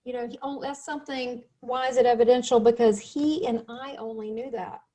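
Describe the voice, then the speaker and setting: A middle-aged woman hosting a casual interview, telling lively stories and laughing often. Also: fairly high pitch, brisk. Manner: animated storyteller, laughs often. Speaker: host.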